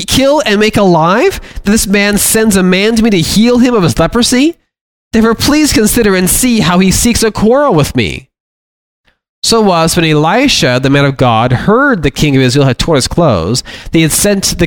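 A somewhat high-voiced man gives a Bible lesson, reading scripture aloud and lifting his pitch for the quoted speech. He then explains the passage in earnest, plain words. His voice sounds close and dry, with no room around it. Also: no echo. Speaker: Bible teacher.

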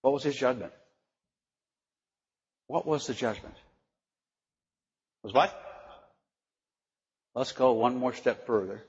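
Slow, emphatic preacher in a reverberant hall. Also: male voice, medium pitch. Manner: slow, emphatic, asks the listeners questions. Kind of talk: sermon. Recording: dull lo-fi recording in a reverberant hall.

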